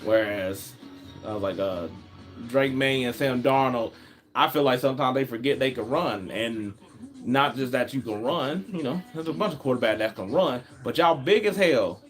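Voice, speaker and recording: With soft music in the background, a man casually reacts to a football game he's watching, animated, slangy, and rambling, often beginning with "I was like." He speaks at medium pitch and a moderate pace.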